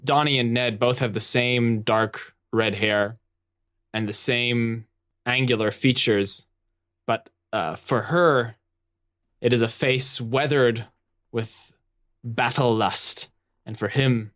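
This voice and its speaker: A man co-hosting a podcast, narrating an improvised adventure story in a relaxed way and laughing often. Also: mid-range voice, slow.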